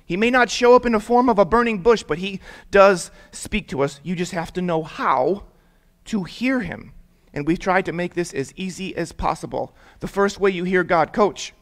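A man's voice: sits high, moderate pace, fairly bright tone. A young man preaching to a youth group, getting the audience to repeat words and telling stories in a casual, conversational way. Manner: conversational storytelling with casual fillers. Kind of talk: interactive sermon for young people.

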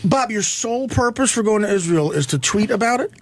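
A man's voice: sits high, lively intonation, brisk, slight background noise. A man trading sarcastic wisecracks as a comedian guest in radio studio banter.

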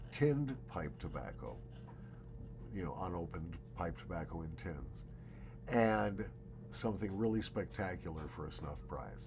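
A middle-aged man with a lowish voice talks through a giveaway in a chatty, wry way, leaning hard on his jokes. The sound is dull and lo-fi, with a faint hum of room noise behind him. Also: warm tone. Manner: chatty, wry, emphatic asides. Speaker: channel host. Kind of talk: casual giveaway announcement. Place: home basement.

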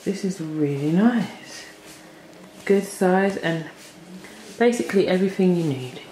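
A woman's voice: on the low side, animated, unhurried, mellow. A woman vlogging casually while touring a holiday rental with a handheld camera, hesitant with many ums. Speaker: travel vlogger. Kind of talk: casual vlog chat. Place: holiday rental flat, indoors. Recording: noisy travel footage.

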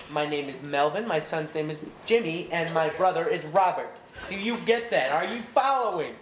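Man, prank caller, mock-angry and sarcastic, talks down slowly, echoey room, loud background noise. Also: a little high, expressive. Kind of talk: prank phone call.

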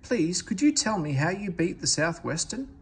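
A man's voice: high voice, sing-song, moderate pace, breathy edge, voice pushed up, heavily acted. A man voicing a shy, eager little tank engine in a read-aloud storybook. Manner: shy and earnest.

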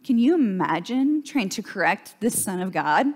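A woman's voice: medium pitch, big pitch swings, moderate pace. A woman pastor preaching a sermon in a church, in a chatty, conversational way and often checking in with "right?".

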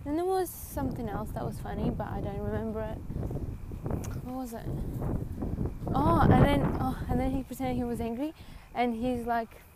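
Eighteen-year-old woman, rambling giggly livestreamer, higher voice, noisy phone audio outdoors. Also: moderate pace. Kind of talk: casual livestream chat. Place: outdoors in a city.

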